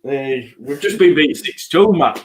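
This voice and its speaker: A man's voice: a little high, animated, a little slow. A man co-hosting a live fan stream, talking bluntly and casually, swearing often and laughing. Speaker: co-host of a fan channel.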